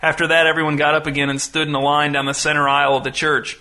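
A man narrating an audiobook story in a dry, deadpan way. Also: on the high side, quick pace.

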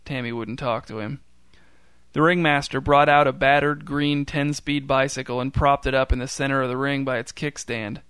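A man narrating a short story in a dry, deadpan storytelling manner. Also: mid-range voice, normal speed, clear, resonant tone, no echo.

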